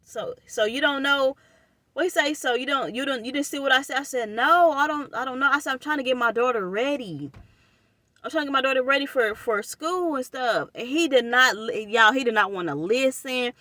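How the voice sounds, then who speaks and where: A young woman, telling a personal story to her viewers in an animated, casual way and calling them y'all. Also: high voice, brisk, no echo, studio quality.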